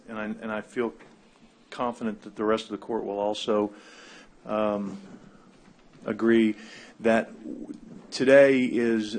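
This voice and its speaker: A man speaking as a county commissioner at a public meeting, halting with many fillers as he makes a motion. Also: on the low side, slight background noise. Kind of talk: formal meeting remarks. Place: government meeting.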